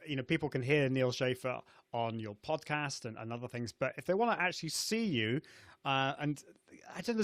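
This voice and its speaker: A man's voice: a little high, dry recording, clean studio sound. Chatty man hosting a live show. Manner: chatty, many fillers and restarts, laughs often. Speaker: host of a live video show. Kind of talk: casual live-stream chat. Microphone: video call setup.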